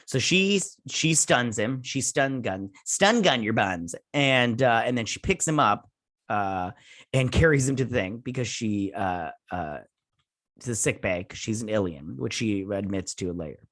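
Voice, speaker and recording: A man's voice: on the low side, lively intonation, a little slow, fairly bright tone, no echo, studio quality. A man hosting a review channel, recapping an episode in a loose, rambling way with many fillers and restarts, now and then doing playful voices for the characters. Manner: rambling, hesitant, lots of filler words and restarts. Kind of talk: casual plot recap.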